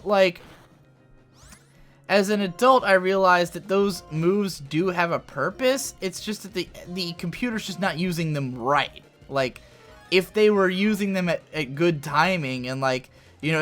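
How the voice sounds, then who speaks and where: Young male let's play host, chatty and profane, bright edgy voice over quiet game music. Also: fairly high pitch. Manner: rambling, swears freely, excitable outbursts. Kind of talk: casual gameplay commentary.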